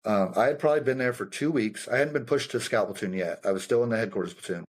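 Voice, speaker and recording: Profane, animated male army veteran storyteller. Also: on the low side, fast talker. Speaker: guest, combat veteran. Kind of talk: casual storytelling conversation.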